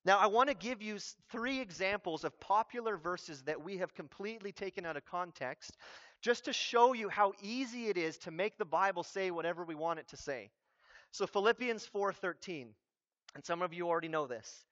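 A man preaching a sermon as a pastor, with humorous and animated delivery. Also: sits high, moderate pace. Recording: dull lo-fi recording.

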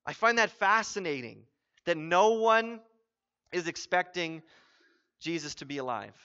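Male pastor, high bright voice, conversational sermon with emphatic peaks, muffled lo-fi audio. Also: expressive, unhurried. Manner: conversational, grows emphatic and loud when stressing points.

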